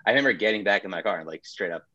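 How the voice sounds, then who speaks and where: A man's voice: lowish voice, lively intonation, very fast, bright, forceful tone, dry recording, dull audio. A man and pizzeria owner telling his story in a casual chat, laid-back, swearing freely and acting out quotes.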